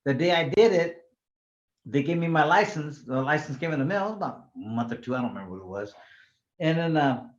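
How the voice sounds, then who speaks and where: Animated boxer telling stories, roomy sound. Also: male voice, fairly high pitch, brisk. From California. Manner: animated storyteller, swears freely, many restarts. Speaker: retired pro boxer, interview guest. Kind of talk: casual storytelling interview. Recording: roomy, slightly dull sound.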